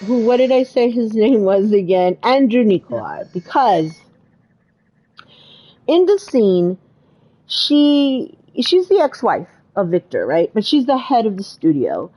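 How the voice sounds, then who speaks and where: A woman's voice: a little high, very animated, takes it slowly, mellow, low-quality recording. A woman co-hosting a podcast, chatting casually and retelling movie scenes with exclamations and fillers. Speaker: podcast co-host. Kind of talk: casual chat.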